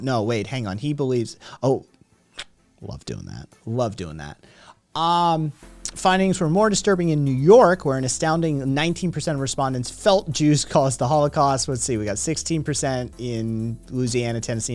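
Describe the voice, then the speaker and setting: A man hosting a casual livestream, reading statistics and chat messages aloud and reacting with profane, sardonic comments. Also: fairly high pitch.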